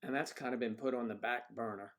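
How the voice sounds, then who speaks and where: A man's voice: medium pitch, fairly even intonation, brisk. Chatty joking male livestream host. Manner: joking, chatty, reads out viewer comments. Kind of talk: casual livestream chat.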